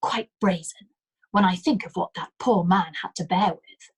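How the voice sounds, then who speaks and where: A woman's voice: lowish voice, moderate pace, husky. A woman voicing a spiteful gossiping village woman in a hissing whisper, a whispered role-play.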